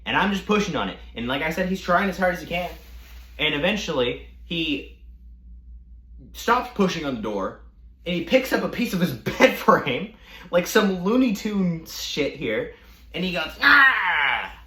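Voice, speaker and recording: A young man telling a storytime rant with animated, profane delivery. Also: a little high, moderate pace. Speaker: vlogger. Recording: echoey room.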